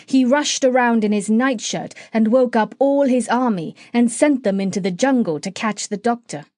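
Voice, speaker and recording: A woman's voice: a little high, normal speed, a little mellow, no echo, clean studio sound. A woman narrating a children's classic audiobook, reading aloud and switching between character voices. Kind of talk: storybook narration.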